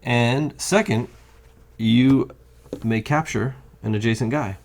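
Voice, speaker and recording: At a home game table, a man chats casually while playing a board game, explaining the rules step by step. His medium-pitched voice is slow and darkish, picked up on a condenser mic with a little hiss or hum.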